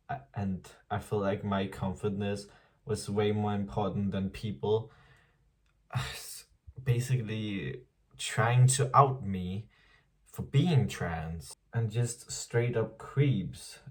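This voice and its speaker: Young man, around twenty, lowish voice, chatty diary vlog, swears and laughs, a bit far from the mic. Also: a little mellow. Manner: frank and chatty, swears freely, laughs often. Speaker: vlogger. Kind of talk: casual confessional diary vlog.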